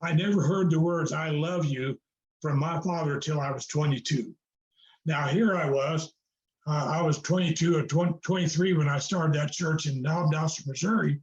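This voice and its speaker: A man's voice: fairly high pitch, normal speed. An older man, a guest on a video call, earnestly telling his story in a preacherly way, with fillers and repetition. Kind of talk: conversational storytelling. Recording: roomy, dull video-call audio.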